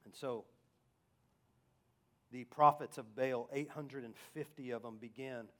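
A man preaching a sermon, asking rhetorical questions and swinging between loud emphasis and hushed asides. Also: medium pitch, fairly even intonation, a little slow.

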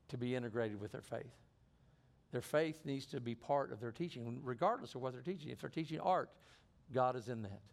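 Earnest middle-aged preacher, medium voice. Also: male voice, mid-range voice, gravelly. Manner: earnest, repeats and restarts phrases. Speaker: pastor. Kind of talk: sermon.

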